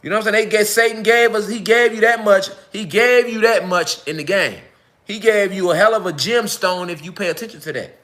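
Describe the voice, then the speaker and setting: A man's voice: high-pitched, a little fast, fairly bright tone. A man speaking, delivering a profane, emphatic casual monologue to viewers and checking in with rhetorical questions. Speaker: online talk host.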